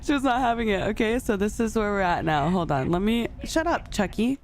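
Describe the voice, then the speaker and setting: A woman's voice: medium pitch, lively intonation, a little fast, a little hiss or hum. A young woman chatting casually to her viewers, telling a story with lots of laughter between lines. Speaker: streamer.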